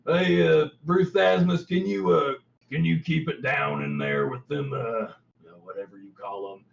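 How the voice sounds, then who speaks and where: A man's voice: on the high side, moderate pace, creaky, dull audio, a little hiss or hum, pitched above the performer's own voice. A man doing an offhand human guard. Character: casual, chatty male human guard.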